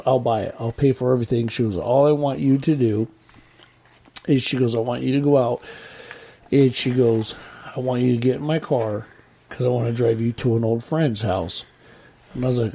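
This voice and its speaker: A man's voice: mid-range voice, fairly quick, mellow, slightly rough. A middle-aged man chatting casually as a podcast co-host, rambling through stories and acting out what others said. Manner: rambling, repeats himself, quotes others. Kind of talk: casual chat, storytelling.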